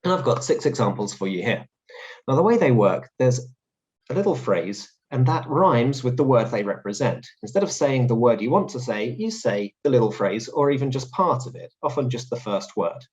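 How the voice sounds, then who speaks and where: A man hosts a lesson, explaining words clearly and cheerfully. His voice rises and falls in a very lively way. The recording sounds a little dull and lo-fi. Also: medium pitch, normal speed. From London. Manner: clear, explanatory, upbeat teaching tone. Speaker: English teacher host. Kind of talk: English vocabulary lesson.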